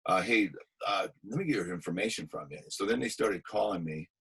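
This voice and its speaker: Husky man telling stunt stories. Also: sits low, a little fast, rough recording. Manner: animated anecdotes with acted-out quotes. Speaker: guest actor and stuntman. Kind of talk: casual interview storytelling.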